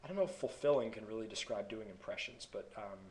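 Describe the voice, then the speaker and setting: A man's voice: on the low side, animated, fast talker, a little mellow, low-quality recording. A young man from North Carolina in his twenties, chatting to camera in a rambling, digressive way. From North Carolina, USA. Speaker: vlogger. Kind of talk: casual vlog talk to camera.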